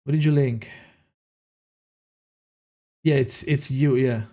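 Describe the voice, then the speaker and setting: A man's voice: mid-range voice, steady tone, takes it slowly, dark tone. A male streamer chatting casually to viewers, exasperated, swearing and restarting his sentences. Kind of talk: casual live-stream chat.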